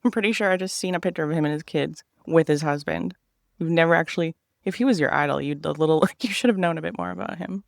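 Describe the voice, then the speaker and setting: Gravelly man telling a casual story. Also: mid-range voice, fast talker, no room sound, clean studio sound. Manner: swears freely, acts out quoted people. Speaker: vlogger telling a personal story.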